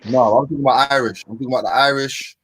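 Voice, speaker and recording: A man's voice: medium pitch, steady tone, rapid-fire, a bit bright, husky, dry recording, rough recording. A man in a casual group chat over a video call, talking hesitantly with lots of fillers. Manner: hesitant, filler-heavy, laughs easily. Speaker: panel guest.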